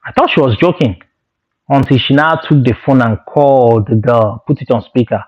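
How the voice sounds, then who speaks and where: A man vlogger telling a story in an animated, exclaiming way and moralizing to his viewers. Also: medium pitch, normal speed, dull audio. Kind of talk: storytelling monologue.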